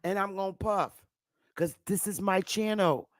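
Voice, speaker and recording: A woman hosting a live channel, swearing freely and firing back hard at her critics in a loud, casual rant. Her voice sits at an ordinary pitch for a woman. It is recorded close and dry, with no room sound around it. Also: a little slow, dry recording. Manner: profane, combative, loud outbursts. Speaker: livestream host. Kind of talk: heated casual livestream rant.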